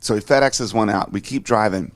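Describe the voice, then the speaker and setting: A man's voice: on the low side, a little fast, dry recording. A middle-aged man animatedly telling a road-trip anecdote, swearing freely and acting out other people's lines. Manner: swears freely, acts out quoted voices. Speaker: interview guest.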